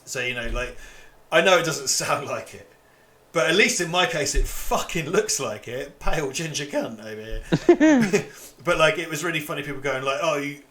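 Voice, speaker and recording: A man's voice: fairly high pitch, lively intonation, normal speed, fairly bright tone. A man from England chatting casually as co-host of a livestream, rambling, swearing and laughing often.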